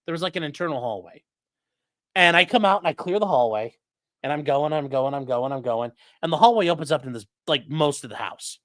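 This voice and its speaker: A man in his late thirties telling a story in a casual, animated and profane way as the host of a livestream, full of gun jargon. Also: a little high, fairly quick, no echo. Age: late 30s.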